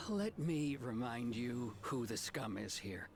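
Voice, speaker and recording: Sighing haughty lawman, slow deliberate pace, formal condescending tone, lively pitch, game music behind. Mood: weary, condescending. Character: weary, haughty male lawman, middle-aged. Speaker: deputy chief of a frontier town's watch.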